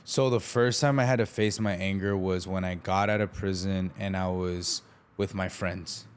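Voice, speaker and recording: Low-voiced man telling his story candidly. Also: fairly even intonation, normal speed, clear, resonant tone. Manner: street slang, acts out quoted voices. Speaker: podcast guest.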